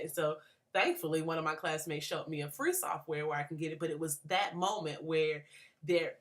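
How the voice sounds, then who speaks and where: Low-pitched young woman, grad student, reflective and halting, many fillers. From Atlanta. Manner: thoughtful, many fillers and restarts. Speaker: graduate student. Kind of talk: reflective book response.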